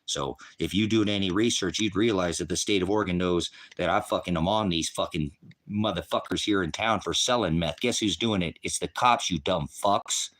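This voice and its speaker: Profane streaming preacher, male, low voice, confrontational, quotes scripture between insults. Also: moderate pace, a bit bright, a little hiss or hum. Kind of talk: profane livestream rant.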